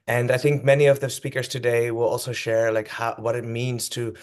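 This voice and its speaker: A Dutch man opening an online event over a video call. His voice is smooth and resonant at a middle pitch, and he talks in a relaxed, chatty way, pausing on ums as he goes. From Netherlands. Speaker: co-host. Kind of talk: casual online event hosting.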